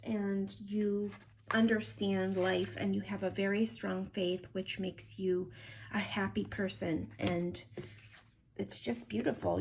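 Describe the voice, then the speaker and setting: Gushing tarot reader woman with vocal fry. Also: mid-range voice, a little mellow, slight background noise. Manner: gushing, affectionate and emotional. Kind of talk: tarot reading to camera.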